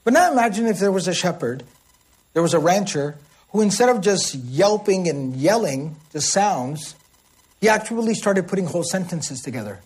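A man giving a religious lesson, explaining Arabic words and reciting Arabic passages quickly, often checking in with his listeners. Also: sits high, sing-song, darkish tone, husky. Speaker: Quran teacher.

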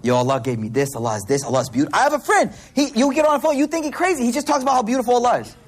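A man gives a casual, animated sermon full of slang and storytelling. His voice sits high for a man and has a husky, breathy grain. He talks the way he would to friends. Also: racing. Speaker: preacher.

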